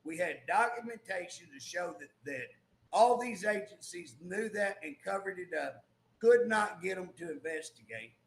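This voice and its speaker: High, gravelly man ranting emphatically. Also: lively intonation, normal speed, roomy sound. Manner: emphatic, repeats "guess what", restarts. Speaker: co-host, former state legislator. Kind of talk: political talk show, casual ranting.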